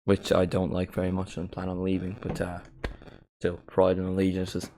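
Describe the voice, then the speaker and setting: A man's voice: low voice, normal speed. A young man hosting a live match watchalong, chatting casually into a desk microphone and perking up when chances come. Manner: laid-back and chatty, gets excited at chances. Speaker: livestream watchalong host.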